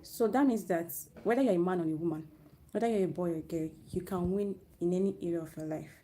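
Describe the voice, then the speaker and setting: A woman's voice: on the low side, dark tone, slight background noise. Earnest woman giving a faith talk. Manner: earnest, unhurried, restarts phrases. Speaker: youth speaker. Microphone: live stream, own network.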